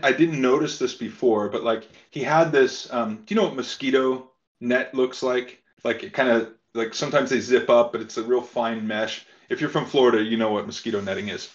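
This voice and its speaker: A man, a podcast guest, telling a personal story in a casual, halting way with lots of fillers and restarts. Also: medium pitch. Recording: slightly dull lo-fi sound.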